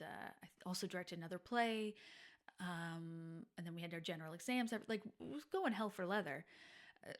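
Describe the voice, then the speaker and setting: With a lowish voice, a podcast host in her forties reflects openly on her personal stories in a monologue that occasionally falls to a soft, breathy near-whisper.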